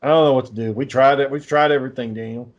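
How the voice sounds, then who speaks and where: Male podcast host, mid-pitched, casual and profane storyteller, exasperated; dull lo-fi recording. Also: steady tone, fast.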